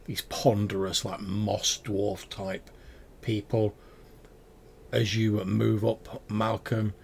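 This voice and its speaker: Male game master, gravelly voice, meandering narration, faint hiss behind. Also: on the low side. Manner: rambling, filler-heavy description.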